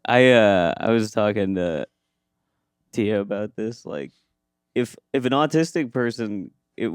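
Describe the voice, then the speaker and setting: A young man co-hosting a podcast in a casual chat, making deadpan quips. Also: fairly low pitch, measured pace, clear, resonant tone, no echo, studio quality. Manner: deadpan quips, acts out mock-threatening voices. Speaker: podcast co-host.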